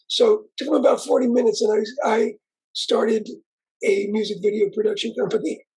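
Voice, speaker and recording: A man's voice: high-pitched, steady tone, a little fast, creaky, a little mellow, breathy edge, poor audio. A man in his sixties, an interview guest, telling his story in a rambling way with frequent asides and restarts. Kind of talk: conversational storytelling.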